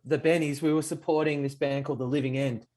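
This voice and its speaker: A male guest bass player telling an easygoing, self-mocking story in casual chat. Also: steady tone, fast talker, a little mellow.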